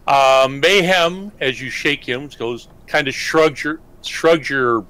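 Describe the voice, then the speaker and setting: A man narrating his character's actions in a tabletop game, in an expressive way. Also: mid-range voice, slow, smooth. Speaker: player voicing a character.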